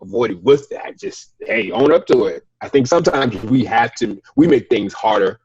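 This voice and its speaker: Husky animated young man, dull lo-fi sound. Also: medium pitch, normal speed, dry recording. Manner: animated, laughing, full of fillers like "like". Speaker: discussion panelist. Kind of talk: casual discussion. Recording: dull, dry lo-fi audio.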